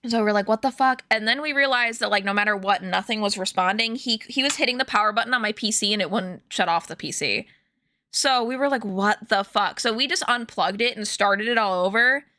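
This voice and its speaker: Bright-voiced young woman chatting on stream. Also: mid-range voice, a little fast, no echo. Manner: chatty, rambling storytelling with many fillers and laughs. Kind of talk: casual chat to stream viewers. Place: home room.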